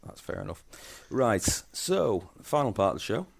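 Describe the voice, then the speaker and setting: A man co-hosting a casual podcast, his voice sitting a little on the low side. He talks in a playful, jokey way and often slips into a showman's announcer tone. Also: very animated, moderate pace, creaky, husky. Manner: playful, jokey, hums jingles. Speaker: podcast co-host.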